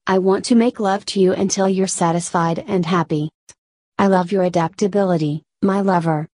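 Woman doing an adoring prayer reading, mellow dark voice, dry sound. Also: medium pitch, dry recording. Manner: adoring, intimate, unhurried.

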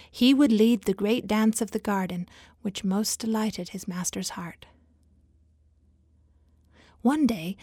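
Soft-spoken woman reading a fable. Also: medium pitch, dry recording, studio quality. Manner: soft, often half-whispered, lyrical. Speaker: storyteller. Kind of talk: scripted narration.

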